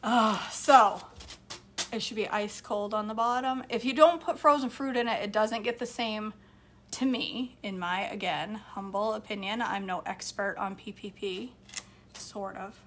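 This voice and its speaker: A woman's voice: mid-range voice, unhurried, a bit bright, a little hiss or hum. A woman hosting a casual live cooking chat in her home kitchen, laughing often and reading viewer comments aloud. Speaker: cooking vlog host.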